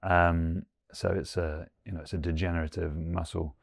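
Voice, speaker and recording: A man's voice: sits low, flat delivery, moderate pace, vocal fry, no room sound, clean studio sound. A man in his forties, a guest in an interview, talking earnestly and thinking aloud with many fillers. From England. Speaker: guest, former rugby player. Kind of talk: reflective interview conversation.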